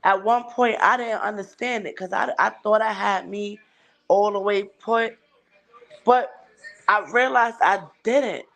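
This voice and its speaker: A woman's voice: mid-range voice, fairly even intonation, a little slow, a bit bright. A woman hosting a livestream, talking bluntly and emphatically and swearing heavily. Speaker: livestream host. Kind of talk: casual chat.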